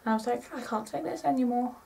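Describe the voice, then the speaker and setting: A woman in her twenties chatting casually to camera in a rambling, excitable way, often correcting herself. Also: a little high, quick pace, gravelly, far from the mic, rough recording. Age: 20s. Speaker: vlogger.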